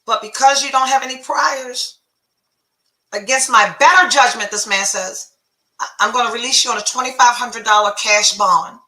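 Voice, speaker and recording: A woman's voice: a little high, normal speed, pushed and bright, roomy sound, rough recording. A middle-aged woman, a podcast host candidly retelling a personal story, full of profanity and quoted dialogue.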